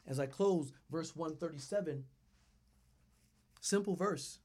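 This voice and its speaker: A man's voice: a little high, takes it slowly, darkish tone. Emphatic preaching man. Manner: emphatic, repeats phrases for the congregation. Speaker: pastor. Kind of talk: sermon.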